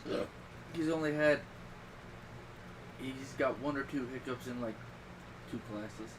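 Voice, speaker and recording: A middle-aged man hosting a podcast, chatting casually and telling rambling stories with sudden loud bursts. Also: medium pitch, unhurried, distant mic. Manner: rambling, animated storytelling with loud outbursts. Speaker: podcast host. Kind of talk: casual chat. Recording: voice a little off-mic with clear background noise.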